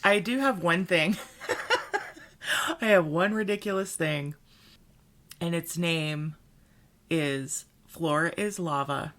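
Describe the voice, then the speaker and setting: A woman with a low voice co-hosts a podcast in casual chat. Her humor is dry and reassuring. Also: slow pace, long pauses, a bit bright. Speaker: podcast co-host.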